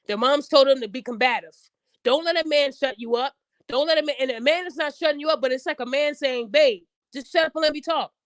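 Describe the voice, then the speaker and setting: A woman's voice: high voice, fast, dry recording. A woman hosting her own podcast, talking bluntly and casually, acting out quotes in raised voices. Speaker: podcast host. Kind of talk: casual chat.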